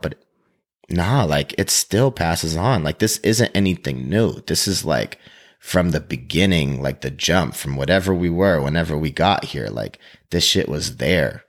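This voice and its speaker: Man, lowish voice, casual storyteller, animated and profane. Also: normal speed. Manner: animated, profane, acts out quotes.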